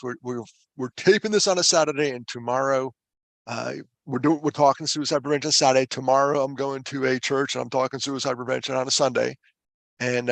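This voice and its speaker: Man, mid-pitched gravelly voice, dry close mic, self-deprecating jokes, earnest emphasis. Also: dry recording. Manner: animated, self-deprecating humor with laughs; earnest and emphatic when driving a point home. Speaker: foundation director and suicide prevention speaker. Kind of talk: conversational storytelling on a podcast.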